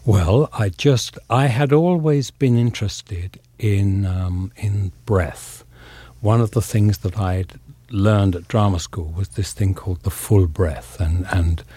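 An English actor giving an interview, speaking thoughtfully and haltingly with many pauses and fillers. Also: male voice, lowish voice, mellow, breathy edge, dry recording. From England. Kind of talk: reflective interview talk.

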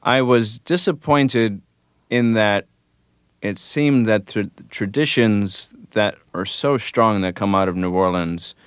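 A man's voice: fairly low pitch, clean tone, dry recording, clean studio sound. A man, a musician guest on a radio interview, answering thoughtfully and without hurry, with many fillers. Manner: thoughtful, unhurried, with frequent fillers.

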